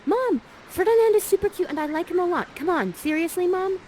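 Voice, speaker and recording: A woman voicing a gushing, lovestruck teenage girl with a squealing high voice. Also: animated, a little fast, dark tone, a little hiss or hum. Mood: pleading.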